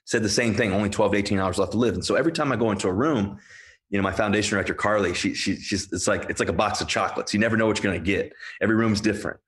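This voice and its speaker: A man's voice: fairly low pitch, racing. A man telling a personal story to an audience, earnest and emotional, often restarting and repeating himself. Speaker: guest speaker.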